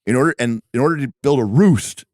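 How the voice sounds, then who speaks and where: A man's voice: medium pitch, fast, darkish tone, dry recording, studio quality. Chatty man running a tabletop game. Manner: chatty, explains rules, repeats "you know". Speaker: game master.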